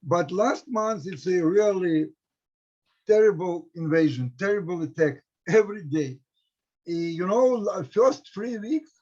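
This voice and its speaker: A middle-aged man with a Ukrainian accent speaks halting English, with many restarts, as a historian talking to students. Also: high-pitched, darkish tone. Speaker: historian, research center director. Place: home in a war-hit city. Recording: dull lo-fi audio.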